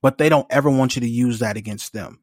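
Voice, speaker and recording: A man co-hosting a podcast in casual chat, telling animated stories and laughing often. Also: mid-range voice, quick pace, no room sound, studio quality. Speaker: podcast co-host.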